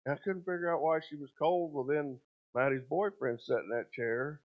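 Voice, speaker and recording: A father telling his family's story as a church testimony, plain-spoken and halting. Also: a little high. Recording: tinny phone-like audio.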